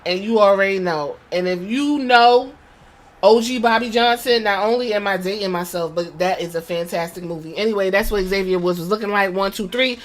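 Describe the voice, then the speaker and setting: A woman hosting a podcast, recapping a wrestling show in casual, profane, animated storytelling with quoted impressions. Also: mid-range voice, fairly quick. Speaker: podcast host.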